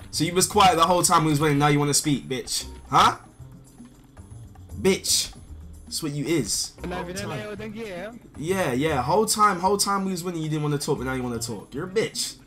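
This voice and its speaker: A loud, brash man trash-talking through a match, hurling the same crude insults again and again. His pitch swings widely between lines, and music plays clearly behind his voice. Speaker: gaming video creator. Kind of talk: live gameplay commentary with voice chat.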